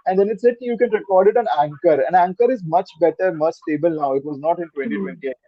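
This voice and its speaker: A man's voice: sits high, fast, no echo, highs cut off. A man with an Indian English accent, chatting as a podcast guest, rambling and repeating words, slipping into Hindi. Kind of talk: casual interview chat.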